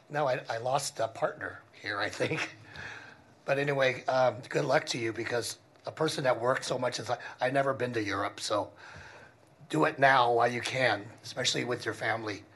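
A husky-voiced man at a public commission meeting speaks haltingly and rambles, stopping and restarting often. His pitch sits mid-range. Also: fairly bright tone.

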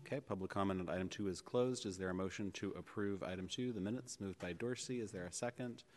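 A man chairing a public board meeting in a legislative chamber, measured and pausing with fillers. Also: low voice, a little mellow. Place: city hall legislative chamber. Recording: long reverb of a large chamber.

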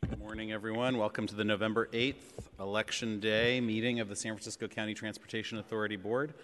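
A man chairing a public board meeting, speaking in a measured way with frequent fillers. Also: on the low side, flat delivery, a bit bright. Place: large legislative chamber. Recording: reverberant council chamber.

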